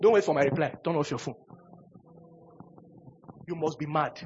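A man preaching a sermon as pastor, emphatic and repetitive, swinging between soft pleading and loud bursts. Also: a little high, normal speed, slight background noise. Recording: dull lo-fi sermon recording.

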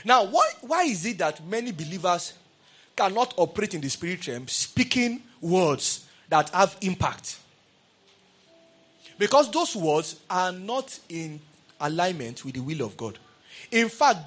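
A high-pitched man preaching to a congregation. He swings between soft, confiding asides and loud, ringing exclamations. He keeps calling out to the listeners for a response. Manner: calls out to the congregation. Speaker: pastor. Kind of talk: sermon.

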